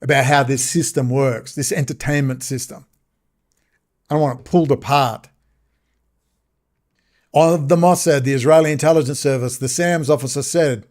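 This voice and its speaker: A man's voice: medium pitch, steady tone, normal speed, pauses often, a little mellow. A man hosting a solo political commentary, agitated, sarcastic and mocking. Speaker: host and commentator.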